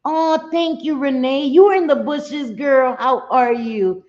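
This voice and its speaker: A woman's voice: high voice, measured pace, a little mellow. Woman, live stream host, casual chat, laughs a lot, casual swearing, bits of Spanish, slightly dull lo-fi audio.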